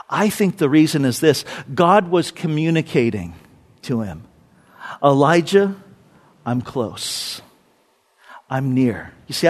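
A middle-aged man preaching a sermon, swinging between loud emphasis and hushed, whispered lines. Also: high-pitched. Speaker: pastor.

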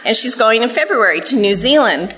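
A woman's voice: on the high side, expressive, a little fast, a bit bright, low-quality recording. A middle-aged woman giving an earnest, conversational Bible teaching to a women's group in a room. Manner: earnest, conversational, emotional at times.

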